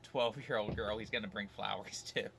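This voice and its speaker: A man's voice: on the low side, steady tone, moderate pace, vocal fry, noisy background. A man co-hosting a horror podcast stream, tossing out joking asides and laughing as his friend plays a game. He rambles a little, restarting his thoughts as he goes. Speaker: podcast co-host. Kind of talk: casual let's-play chat.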